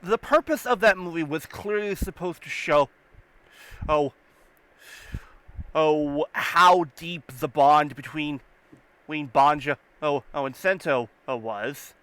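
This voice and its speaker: A man's voice: fairly high pitch, takes it slowly, pauses often, a bit bright, rough recording. A man co-hosting a casual podcast chat, hesitant and repeating his words. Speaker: podcast co-host.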